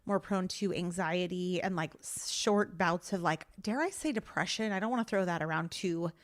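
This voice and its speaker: A woman's voice: fairly low pitch, normal speed. A pregnant woman in her thirties hosting a casual solo podcast, chatting candidly with lots of filler words and sounding a little out of breath. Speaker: podcast host.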